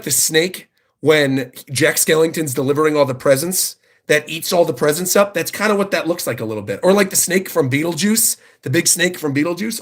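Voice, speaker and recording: A man livestreaming his reaction to a new manga chapter, reading panels aloud and gushing over the big moments. His voice sits a little high and has a husky edge, and he talks with eager, excited energy. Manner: excited, enthusiastic commentary.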